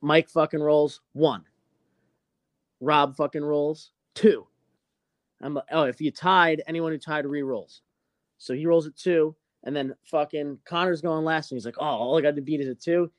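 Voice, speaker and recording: A man's voice: a little high, fairly even intonation, moderate pace, dry recording. Profane young man telling a story. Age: young adult. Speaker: podcast host. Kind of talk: casual storytelling chat.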